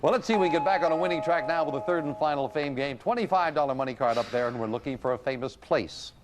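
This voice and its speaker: A man's voice: a little high, fast talker. A man hosting a quiz show, reading clues and joking with the contestants. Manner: jovial, playful banter with contestants. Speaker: game show host. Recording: 1980s TV broadcast with loud audience and noise.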